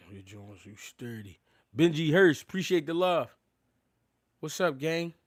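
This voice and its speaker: A man's voice: a little high, animated, takes it slowly. A man hosting a boxing live stream, chatting casually in loose street slang, laughing and thanking viewers. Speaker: boxing livestream host.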